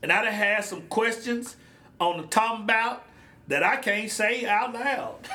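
High, bright-voiced man ranting on a podcast. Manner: animated, blunt, slangy, ranting. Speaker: podcast host. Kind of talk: casual solo podcast rant. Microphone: podcast microphone.

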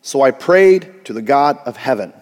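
A man's voice: mid-range voice, lively intonation, normal speed, a little mellow, big-room sound. A male pastor preaching a sermon, telling a story with frequent restarts and asides.

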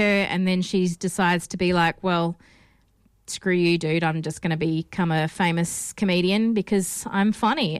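A woman's voice: mid-range voice, smooth, no echo, studio quality. An Australian woman hosting a casual film podcast, chatty and rambling with lots of ums and restarts. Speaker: podcast host.

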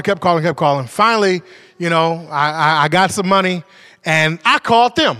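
A man preaching a sermon, telling a personal story with animated swings from shouting to hushed, quiet moments. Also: a little high, normal speed.

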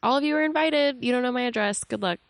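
A woman's voice: high-pitched, quick pace. A young woman and comic in casual chat, talking loosely with lots of "like". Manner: laughs often, fillers like "like". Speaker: podcast guest, comic.

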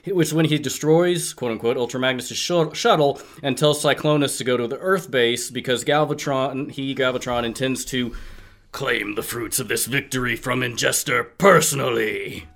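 A man's voice: medium pitch, moderate pace, vocal fry, a bit bright. Man casually reading a script aloud. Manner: reads script aloud, laughs often, frequent fillers. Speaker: podcast co-host reading a script. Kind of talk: casual podcast chat.

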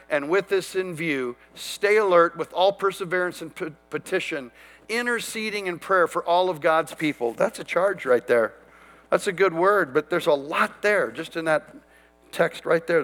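A man's voice: sits high, fairly bright tone, big-room sound. A man preaching a sermon, quoting and declaring scripture with emphatic conviction. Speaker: pastor.

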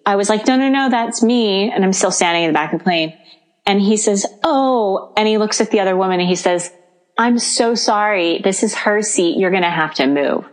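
A woman's voice: medium pitch, brisk. A woman co-hosting a podcast, telling a story in casual chat, acting out the people in it and laughing often. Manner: animated storyteller, acts out quoted dialogue, laughs often. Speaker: podcast co-host.

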